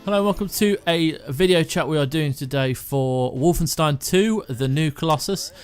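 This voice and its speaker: A man hosting a casual video chat, asking questions haltingly with restarts. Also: on the high side, clear, resonant tone, faint music behind. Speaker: host.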